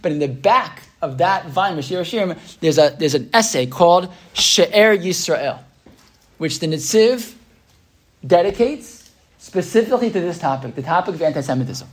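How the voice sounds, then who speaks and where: A man teaching a class, reading texts aloud slowly and explaining them, often checking in with "right?". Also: a little high, animated, breathy edge. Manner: reads Hebrew texts slowly then explains. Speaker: Torah teacher. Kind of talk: text-based class lecture.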